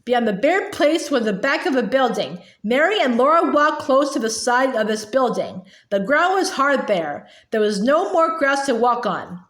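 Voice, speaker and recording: Lady reading a kids' chapter book, high voice, stumbles a bit, echoey room. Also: very animated, a bit bright. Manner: halting, with fillers and restarts. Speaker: reader. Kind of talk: reading a children's book aloud.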